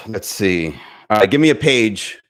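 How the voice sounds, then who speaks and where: Speaking slowly and with animation, this man has a fairly low, fairly bright voice. He hosts a comedy podcast, chatting loosely with his stream, cursing freely, laughing a lot and wandering off on tangents.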